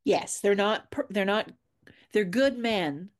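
A woman's voice: medium pitch, animated, slow pace. An author chatting casually about her books, acting out quoted dialogue as she tells a story. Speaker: author guest. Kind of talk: casual chat.

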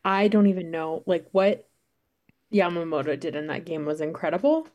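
A woman co-hosting a podcast in casual chat, animated and saying "like" a lot. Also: lowish voice, moderate pace. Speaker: podcast co-host.

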